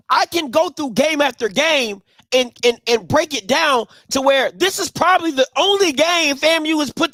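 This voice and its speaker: A man's voice: extremely high pitch, a bit bright, no room sound, clean studio sound. A man hosting a postgame sports talk show, emphatic and repetitive as he argues his point. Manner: emphatic, repeats himself, breaks into laughing fits.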